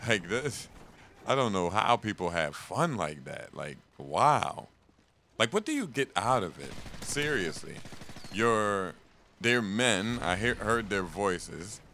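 A young man rambles through casual gaming talk, cursing freely. His low voice has a bright, forceful edge and swings widely in pitch. Faint noise hums behind him. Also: slow pace. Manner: rambling, profane, animated. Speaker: gaming streamer. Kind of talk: casual gameplay commentary.

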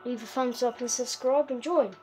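A woman's voice: on the high side, moderate pace, darkish tone, slight background noise. Giggly woman chatting through a game. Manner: chatty and giggly, many fillers, talks to her pet. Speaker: gaming video host. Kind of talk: casual game walkthrough commentary.

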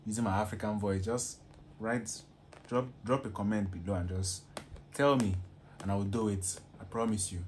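A man hosting a reaction video, chatting casually in a relaxed, slangy way. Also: on the low side, moderate pace, slight background noise. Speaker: reaction YouTuber.

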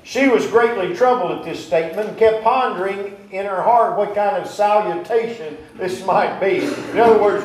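Male preacher with a higher-pitched voice, heard from far off in a reverberant church, quizzing his flock. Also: normal speed, hardly any pauses. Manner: questions the congregation directly; retells scripture in plain, folksy words. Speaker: pastor. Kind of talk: sermon. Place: church sanctuary. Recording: echoey church recording from afar.

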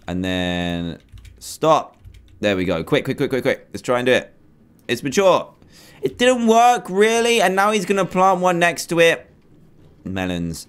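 A man in his twenties giving animated, self-mocking commentary on his Minecraft survival game, talking to himself as he plays. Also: mid-range voice. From England. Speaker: gaming YouTuber. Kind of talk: Minecraft let's play commentary.

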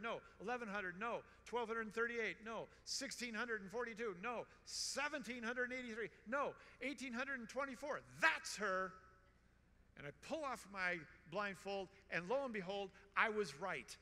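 A man in his sixties giving a storytelling conference talk in a large hall, animated and joking, with emphatic repetition. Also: high voice. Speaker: conference speaker. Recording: long hall reverb.

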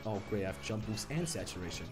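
Game music runs under this live commentary from a young man streaming a game, who talks fast in a sing-song way. Frustrated, he complains and swears, one moment muttering low and the next shouting.

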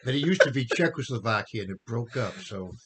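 A man's voice: mid-range voice, animated, fairly quick, very noisy. A man co-hosting a podcast, chatting casually and hesitantly as he searches for words. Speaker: podcast co-host. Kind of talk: casual chat.

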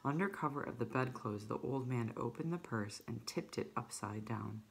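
A woman's voice: a bass voice, normal speed, creaky. A woman teacher reading a children's novel aloud to her students, talking casually with many fillers.

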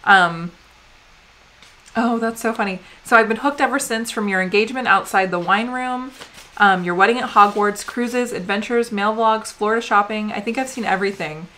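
At normal speed and medium pitch, this woman sounds bright and forceful. She's a vlog co-host from the United States in her thirties, reading viewer mail in a chatty, rambling way full of "um"s.

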